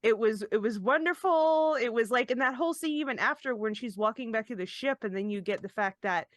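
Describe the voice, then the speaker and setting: A woman's voice: a little high, fairly quick, dry recording. A woman co-hosting a podcast in casual chat, rambling and self-deprecating, laughing often. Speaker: podcast co-host.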